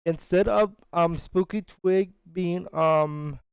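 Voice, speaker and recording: A man's voice: high voice, takes it slowly, gravelly, smooth, dry recording. A man in a casual chat, upbeat and agreeable. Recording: dull lo-fi call audio.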